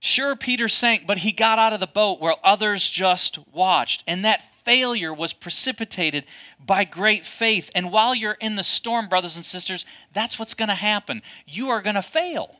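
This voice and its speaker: A man preaching a sermon as a pastor, addressing his congregation with lively rhetorical questions. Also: high-pitched, moderate pace.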